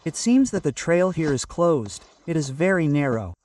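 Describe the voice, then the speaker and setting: Male vlogger, slightly high voice, dry and distant outdoor camera sound, out of breath on a climb. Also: sing-song, normal speed, a little mellow. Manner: chatty, keeps prompting viewers with "look" and "right?". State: panting from climbing. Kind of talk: casual hiking vlog narration.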